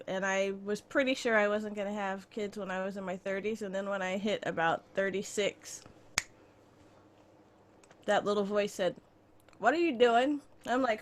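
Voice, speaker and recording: A woman's voice: medium pitch, a bit bright. Joking woman in her forties on a panel. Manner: humorous, acts out inner voices. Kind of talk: casual panel talk. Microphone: video call.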